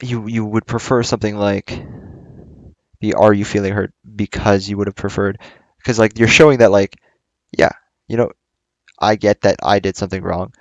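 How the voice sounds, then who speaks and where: A man's voice: on the low side, steady tone, moderate pace, no room sound. A young man hosting a casual book club talk, rambling and hesitant with many fillers and restarts.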